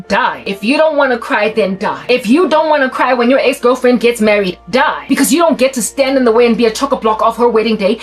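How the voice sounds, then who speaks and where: A South African woman giving a fervent, preachy vlog monologue, rapid and repetitive, sometimes breaking into song. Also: a little high. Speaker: Christian vlogger. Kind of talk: impassioned monologue to camera.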